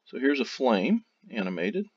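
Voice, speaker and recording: A man narrating a software tutorial, walking through steps one by one with loose, casual phrasing. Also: medium pitch, moderate pace, breathy edge. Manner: steady step-by-step explaining, loose phrasing. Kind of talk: screen-recorded tutorial narration. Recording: dull lo-fi audio.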